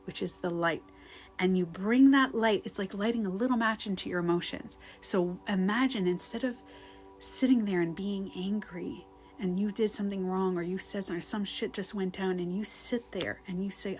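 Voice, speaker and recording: A woman coaching on a live stream, chatting casually and answering comments, rambling and candid, swearing and laughing easily, sometimes dropping to a hushed voice. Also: mid-range voice, normal speed, soft background music.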